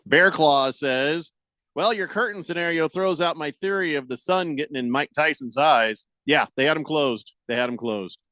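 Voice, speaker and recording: A man on the higher side, speaking at a moderate pace without echo, hosts sports radio. Reading listener texts and chatting casually, he works himself into exasperated, lively rants that mimic others' voices mockingly.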